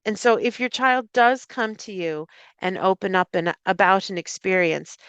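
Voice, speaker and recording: A middle-aged woman with an Irish accent, a speech and language therapist giving a live talk to parents and educators, explaining clearly with frequent fillers and restarts. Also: medium pitch, fairly bright tone, dry recording, muffled recording. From Ireland. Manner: acts out example phrases in a lifted voice.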